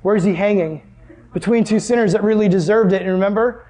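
Young male Bible teacher, high voice, lively and questioning, classroom lesson. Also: fast talker. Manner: animated, asks the class questions.

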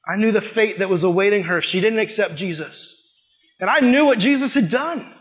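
High-voiced man preaching a story-driven sermon. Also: fairly quick. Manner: animated storytelling, acting out dialogue. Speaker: youth pastor.

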